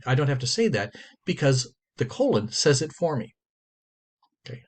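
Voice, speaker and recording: A man's voice: medium pitch, expressive, normal speed. A man teaching a writing class, lecturing in a conversational way and repeating and stressing his key points.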